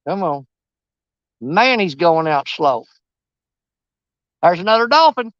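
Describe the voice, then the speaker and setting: Speaking slowly with big swings in pitch, this man has a high, fairly bright, clear and resonant voice, recorded lo-fi without echo. He's a fishing vlogger on a riverbank, chatting and joking in a folksy, rambling way while he fishes.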